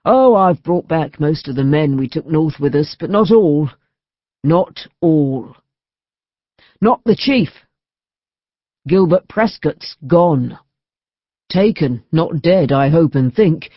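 A woman reading the voice of a weary, wry male knight home from battle, gruff and grim in manner. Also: low voice, expressive, slow pace, pauses often, dry recording, heavily acted. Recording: dull dry studio recording.

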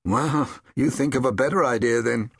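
A man's voice: mid-range voice, normal speed, gravelly, slightly rough, no room sound, studio quality, voice pushed up. A man voicing a blunt, matter-of-fact donkey keeper talking to his son. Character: gruff seaside donkey keeper, a father, blunt.

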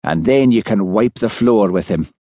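A man voicing an easygoing, shrewd Highland village policeman who talks calmly and wryly. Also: moderate pace, no echo.

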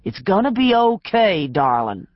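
A woman's voice: mid-range voice, very animated, unhurried, no room sound, highs cut off. Woman doing a soothing scheming husband. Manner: soothing, confident. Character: reassuring middle-aged husband, quietly scheming.

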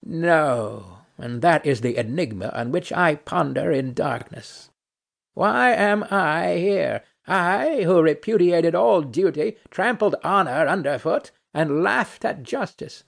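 A bored, ironic nobleman who lectures with dry mockery, voiced by a man reading a play. His speech is slow and gravelly, with a lively rise and fall. The voice stays fairly high for a man. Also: full character voice. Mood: weary, brooding. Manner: dry, mocking, philosophical. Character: weary, ironic nobleman and duelist in hell. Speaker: audiobook narrator. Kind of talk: reading a stage play aloud.

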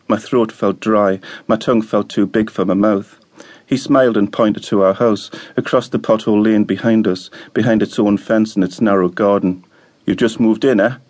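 Male audiobook narrator, measured and calm, somewhat low voice.

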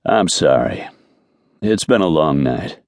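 A man doing a weary, gruff rodeo cowboy. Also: very deep voice, expressive, slow pace, a little mellow, no echo, studio quality, heavily acted. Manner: clipped and terse.

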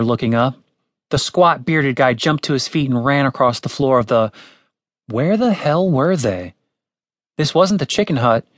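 A man reading a comic fantasy audiobook in a lively storytelling manner. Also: mid-range voice, no room sound. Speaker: audiobook narrator. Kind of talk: scripted comic fantasy narration. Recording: dry studio recording.

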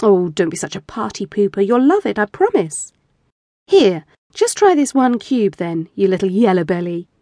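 A woman's voice: mid-range voice, very animated, moderate pace, dark tone, dry recording, lightly acted. A woman voicing a playful young wife who teases and coaxes her husband. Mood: coaxing. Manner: teasing, coaxing.

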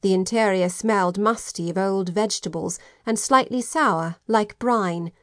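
A woman narrates an audiobook in a measured, even storytelling voice. Her pitch sits in the middle range. The recording is dry and close. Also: no echo. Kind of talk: scripted narration.

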